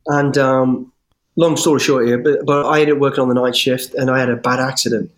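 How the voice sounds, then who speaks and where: A middle-aged man, an interview guest telling his life story in an animated, rambling way with restarts and swearing. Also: medium pitch, fairly quick. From English West Midlands. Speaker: interview guest, former soldier. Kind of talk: storytelling in conversation.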